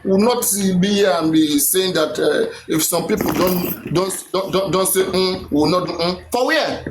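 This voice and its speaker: A Nigerian man with a high voice delivers an emphatic, repetitive rant on a phone live stream. The room is echoey, with faint noise underneath. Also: measured pace.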